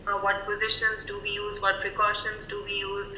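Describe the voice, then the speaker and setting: A woman clinical psychologist speaking over a video call, thoughtful and measured, with frequent fillers. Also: mid-range voice, monotone, pushed and bright, echoey room, slight background noise, low-quality recording. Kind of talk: professional video-call interview.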